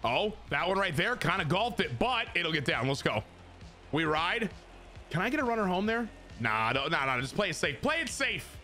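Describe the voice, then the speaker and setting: A man with a fairly high, bright voice calls his own game in loose, excitable commentary. His pitch swings widely as he cheers, swears and trash-talks the other player. Faint music plays behind him. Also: moderate pace. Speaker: gaming channel host. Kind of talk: casual gameplay commentary.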